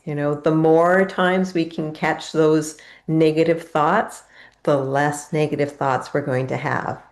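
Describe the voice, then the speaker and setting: A woman's voice: sits low, fairly even intonation, measured pace. A woman guest in a live Q&A, sharing personal testimony in an earnest, heartfelt way.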